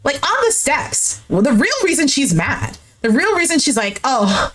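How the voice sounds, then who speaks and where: A young woman doing a recap of a dating show, reacting with exasperation and swearing, and acting out the cast's lines in a lower voice. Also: big pitch swings, moderate pace, hardly any pauses, a bit bright. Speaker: recap streamer. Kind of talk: animated reaction commentary.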